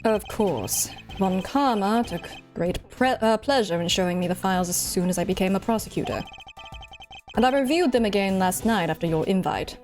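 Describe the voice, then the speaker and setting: A woman voicing a stern young male prosecutor. He speaks formally and in a measured, hushed way, as if reading from a case file, at an ordinary middle pitch, while music plays faintly behind. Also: lightly acted. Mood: aloof. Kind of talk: live voice-over of a video game.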